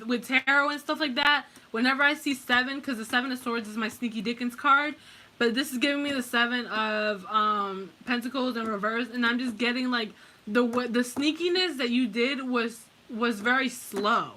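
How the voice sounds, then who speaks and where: Speaking at normal speed, this tarot reader has a bright, forceful voice on the high side. Addressing the viewer directly, she rambles through a casual pick-a-card reading full of profanity, restarts, and fillers, never softening her bluntness.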